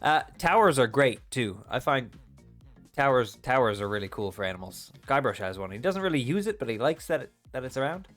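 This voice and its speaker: A young man hosts a livestream, chatting casually with viewers and reading their comments aloud in a playful, joking way. His mid-range voice is sing-song, brisk, and fairly bright, with faint music behind him.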